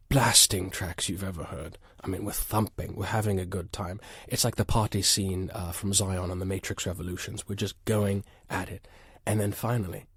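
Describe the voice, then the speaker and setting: A man's voice: low-pitched, husky, no room sound, clean studio sound. A man guest on a comedy podcast, telling an absurd story in an earnest, mock-dramatic way. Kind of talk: deadpan comic storytelling.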